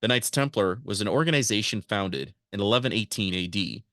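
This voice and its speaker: A man with a fairly low voice reads a prepared podcast monologue, then drops into offhand asides to his audience. The sound is close and dry, with no room around it. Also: lively intonation, fairly quick, fairly bright tone, no room sound. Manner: reads prepared text, breaks into casual asides to listeners. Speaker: podcast host. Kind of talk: podcast monologue read from notes.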